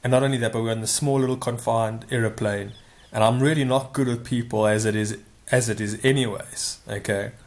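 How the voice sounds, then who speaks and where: A man's voice: medium pitch, steady tone, a little fast. A man casually telling a long personal anecdote, rambling and correcting himself with frequent asides. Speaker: storyteller.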